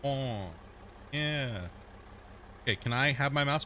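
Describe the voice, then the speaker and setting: A relaxed man talks casually into his desk mic while he streams a game from his home room. His voice is bright and clear, and he chats loosely and coos now and then at a cat on his desk. A faint hiss sits under the recording. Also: medium pitch, takes it slowly. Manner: laid-back, chatty, says dude a lot, coos at his cat. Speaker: gaming streamer. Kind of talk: casual live-stream chat. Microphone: desk mic at a gaming setup.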